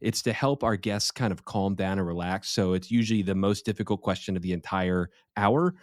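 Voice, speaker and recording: A man's voice: low voice, fairly quick, no echo, clean studio sound. An American man hosting a church podcast in a jokey, playful way. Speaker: host, pastor. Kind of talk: casual podcast chat.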